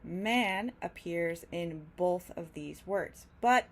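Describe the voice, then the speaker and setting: A woman teaching English pronunciation, explaining clearly and slowly drawing out example words to demonstrate. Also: on the low side. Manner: careful, drawn-out demonstration of words.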